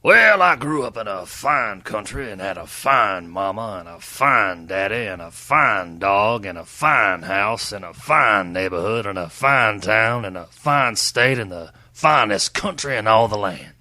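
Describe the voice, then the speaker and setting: A man voicing a loud, bigoted Texan author who brags and insults everyone, with a gravelly drawl. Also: fairly low pitch, animated, measured pace, hardly any pauses, exaggerated voice. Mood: boastful. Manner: brash, hollering.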